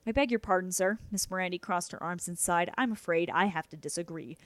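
A woman's voice: lowish voice, a little fast, a bit bright, no echo, natural voice. A woman reading the part of a stubborn young maid with an American accent, speaking primly and formally.

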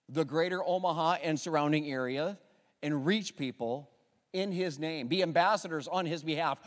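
A man preaching in an echoey church sanctuary, his voice sitting a bit high and swinging widely as he calls out for the congregation to repeat after him. The long reverb of the hall trails each line. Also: normal speed. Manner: animated, call-and-response with congregation. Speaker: pastor. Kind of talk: sermon introduction.

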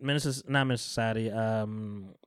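Man, podcast host, casual storytelling, character voices, clear resonant tone. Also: fairly low pitch, normal speed, no echo, clean studio sound. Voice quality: profane, loose slang-heavy delivery. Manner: animated storyteller, acts out characters' lines in voices. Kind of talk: casual chat recapping a TV show.

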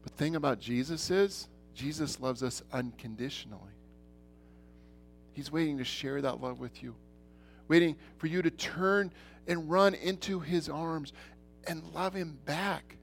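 A middle-aged man preaching a church sermon, earnest, repeating himself, swinging between loud and soft. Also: on the high side, a little slow, vocal fry, soft background music. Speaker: pastor.

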